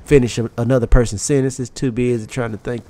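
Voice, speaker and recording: A man's voice: mid-range voice, steady tone, fairly quick, warm tone, a little hiss or hum. A young man with a strong Southern US twang, talking candidly and profanely over his gameplay as a YouTube commentator. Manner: candid, rambling, swears freely. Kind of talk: casual motivational talk over gameplay.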